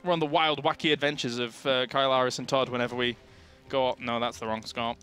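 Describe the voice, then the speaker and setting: A young Englishman with a southern accent calls a live esports match in a bright, forceful voice. He is chatty and jokey, with faint music playing underneath. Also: mid-range voice, steady tone, quick pace. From England. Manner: chatty, jokey, laughs often. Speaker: esports commentator. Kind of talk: live game commentary, casual banter.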